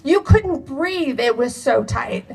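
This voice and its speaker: A woman telling a personal story to an audience in an animated, expressive way. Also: sits high, slow pace, creaky, breathy edge, distant mic, rough recording. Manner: animated, expressive, acts out quoted dialogue with laughs. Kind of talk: personal anecdote told to a live audience.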